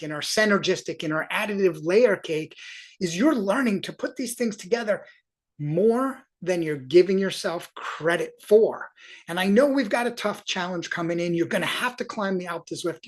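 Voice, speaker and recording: Upbeat, encouraging cycling coach. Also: mid-range voice. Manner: enthusiastic and encouraging, loose, self-correcting. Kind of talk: coaching review, walking through workout data on screen.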